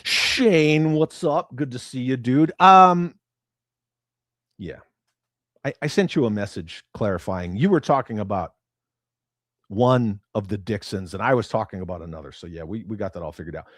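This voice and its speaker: A man hosting a casual livestream, reading viewer comments aloud and reacting bluntly with lots of swearing, his voice swinging from loud outbursts to muttered asides. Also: on the low side, expressive, moderate pace, no room sound, studio quality. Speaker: livestream host.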